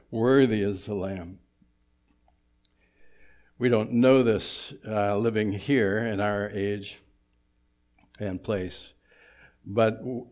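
A man preaching a sermon in a church, conversational and sprinkled with humorous asides. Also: fairly low pitch. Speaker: pastor.

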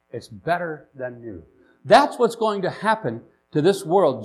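A man preaching a sermon in a church, animated and emphatic, dropping to asides between rises. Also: high-pitched. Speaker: pastor.

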